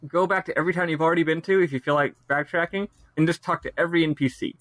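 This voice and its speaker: A man co-hosting a casual game podcast, talking in an animated way and laughing at his own complaints. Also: on the high side, very fast, no room sound. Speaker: podcast co-host.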